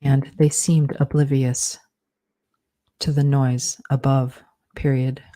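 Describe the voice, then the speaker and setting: A woman author dictating her novel aloud, slowly and deliberately, speaking punctuation marks and edit commands between phrases. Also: very deep voice, level tone, dark tone.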